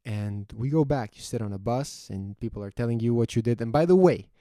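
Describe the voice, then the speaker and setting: A man hosting his own podcast, telling a personal story in a casual, animated way with lots of swearing and acted-out inner dialogue. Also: medium pitch, a little fast, no echo, studio quality. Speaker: podcast host.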